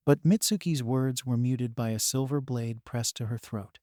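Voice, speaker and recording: A man's voice: medium pitch, moderate pace, hardly any pauses, mellow, no echo. Man narrating fan fiction, dry sound. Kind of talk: audiobook reading of fan fiction.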